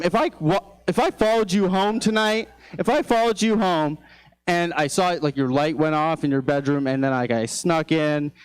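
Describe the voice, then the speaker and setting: A young man doing a stand-up comedy set, telling loose rambling stories with lots of fillers, and his voice jumps high for exasperated quoted outbursts. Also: smooth, no echo. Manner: loose, rambling storytelling with frequent fillers and restarts. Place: comedy club stage.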